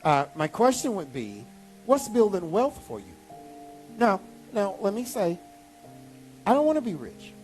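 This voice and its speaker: A man pastor preaching a sermon, animated, with sudden high exclamations. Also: measured pace, long pauses, faint music behind.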